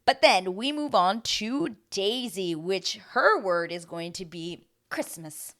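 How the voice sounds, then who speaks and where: A woman's voice: medium pitch, lively intonation, slow pace, hardly any pauses, a bit bright. A young woman chatting casually as she recaps a reality TV episode, rambling with lots of fillers.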